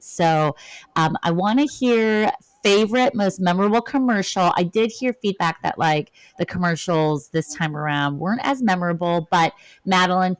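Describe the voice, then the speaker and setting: A woman's voice: fairly low pitch, no echo, poor audio. A woman hosting a podcast, chatting casually in a playful way. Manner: playful, reads a jokey scripted intro. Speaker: podcast host.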